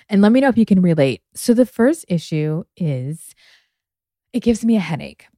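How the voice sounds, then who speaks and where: A woman's voice: lowish voice, darkish tone, no room sound, studio quality. A woman co-hosting a podcast in casual chat, talkative and laughing often. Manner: chatty, laughs often, says "like" a lot. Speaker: podcast co-host.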